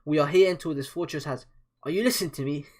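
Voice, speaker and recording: The voice is a scornful, impatient army commander barking orders, as a man reads him out from a manga. The pitch runs a bit high for a man. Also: quick pace, lightly acted. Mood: angry. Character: impatient middle-aged male army commander, bossy.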